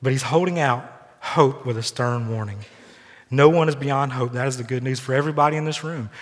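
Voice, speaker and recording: Guy pastor preaching a sermon, earnest and storytelling, mid pitch, long hall echo. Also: brisk. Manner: earnest preaching, shifting into lively personal storytelling. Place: church sanctuary. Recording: long reverb from a large hall.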